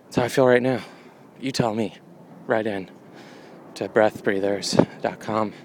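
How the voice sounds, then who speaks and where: A male comedian talking in a wry, meandering deadpan right after a run, a little winded, outdoors by a road. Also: lowish voice, unhurried, a little hiss or hum. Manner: wry, meandering, jokey asides. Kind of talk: rambling deadpan monologue.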